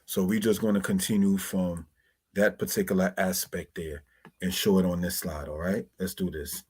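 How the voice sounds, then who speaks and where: A man teaching Hebrew words from slides, slowly spelling out terms and often calling his listeners brothers and sisters. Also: low-pitched, little pitch movement, a little mellow, husky. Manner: slow, deliberate spelling-out of words.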